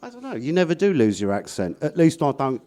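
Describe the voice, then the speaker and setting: A man's voice: fairly high pitch, wildly swooping pitch, quick pace, warm tone. A man with a North London accent, a guest on a radio talk show, bantering dryly and cheekily and swearing freely. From England. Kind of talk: casual comedy banter. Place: radio studio.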